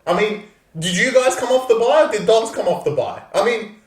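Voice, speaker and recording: A man's voice: high voice, expressive, fairly quick, soft background music. A man co-hosting a sports podcast, ranting with heavy sarcasm and swearing. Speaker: podcast co-host. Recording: roomy echo, set back from the mic.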